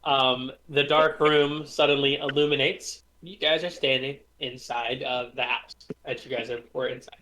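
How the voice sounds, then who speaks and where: A man's voice: mid-range voice, steady tone, normal speed, hardly any pauses, bright, forceful tone, slight background noise. Man narrating a tabletop game. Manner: descriptive, hesitant with many fillers. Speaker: game master.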